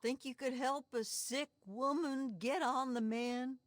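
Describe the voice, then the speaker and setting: A woman's voice: high-pitched, fairly even intonation, a little slow, no room sound, clean studio sound. An actress voicing a sly, folksy backwoods moonshiner woman with a Southern drawl in a game. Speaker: game character.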